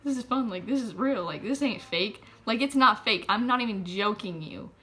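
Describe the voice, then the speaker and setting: A teenage girl telling a story casually, full of "like" fillers, often dropping to a hushed whisper. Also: medium pitch, expressive, normal speed. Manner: filler-heavy, breathless, drops to hushed whispers. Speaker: vlogger.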